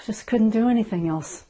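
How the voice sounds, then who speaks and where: A middle-aged woman gently guiding listeners through an emotional tapping session, speaking slowly and softly. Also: fairly low pitch. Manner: gentle, slow and soothing, often soft and hushed. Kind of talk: guided EFT tapping session.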